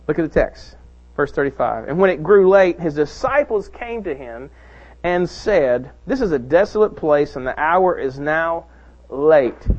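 A man's voice: a little high, muffled recording. A male pastor preaching a sermon, emphatic and calling out to his congregation.

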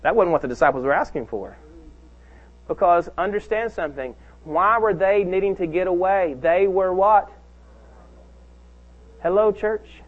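A man's voice: high voice, measured pace, long pauses, phone-quality sound. A male pastor preaching a sermon, emphatic and calling out to his congregation.

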